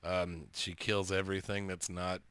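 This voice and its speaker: A man, co-hosting a podcast, telling animated stories, laughing and swearing. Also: low-pitched, moderate pace, smooth, dry recording. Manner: laughing, profane, animated storyteller. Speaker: podcast co-host. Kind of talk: casual chat.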